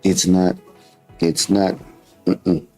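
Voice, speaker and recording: Speaking very slowly, a Kenyan-accented man in his thirties hosts a casual reflective talk in a deep, slightly mellow voice with little pitch movement. He is earnest, alternates English and Swahili, and repeats words for emphasis. Faint music plays behind a low-quality recording.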